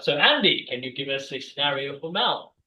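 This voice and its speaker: A man hosting an improv game, giving brisk instructions and chuckling asides over a video call. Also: medium pitch, big pitch swings, sharp tone. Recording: distant, dull, echoey mic.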